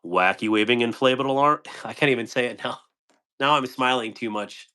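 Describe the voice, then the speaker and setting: A man's voice: mid-range voice, fairly quick, sharp tone, smooth. Playful man chatting on a live stream. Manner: playful, laughs often, trips over words. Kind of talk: casual live-stream chat reading comments.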